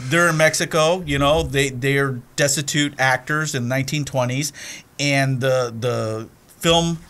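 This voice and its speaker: A man's voice: mid-range voice, measured pace. A man co-hosting a podcast, chatting casually and acting out movie scenes with put-on voices. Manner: animated storyteller, acts out movie scenes. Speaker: podcast co-host. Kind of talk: casual chat.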